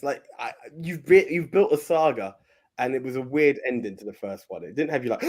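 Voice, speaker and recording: A man's voice: mid-range voice, big pitch swings, a little fast, darkish tone. A young man co-hosting a movie podcast, speaking in a casual, hesitant way with frequent restarts. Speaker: podcast co-host.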